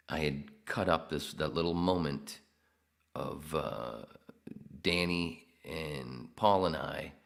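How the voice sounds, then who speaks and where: A man's voice: very deep voice, vocal fry. A man hosting a podcast alone, reading the live chat aloud with crude, self-mocking jokes. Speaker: podcast host. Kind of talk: solo livestream chat reading.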